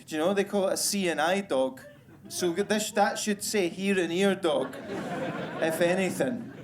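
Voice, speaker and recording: A man's voice: sits high, normal speed, background noise. A Scottish man doing a crude, self-deprecating stand-up comedy set on stage, with the audience laughing behind him. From Scotland. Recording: live room with crowd ambience.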